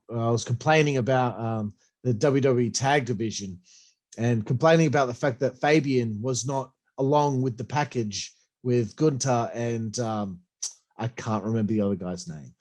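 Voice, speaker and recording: A man's voice: medium pitch, normal speed. A man with a runny nose giving a blunt, profane, ranting review of a wrestling show. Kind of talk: casual opinionated review.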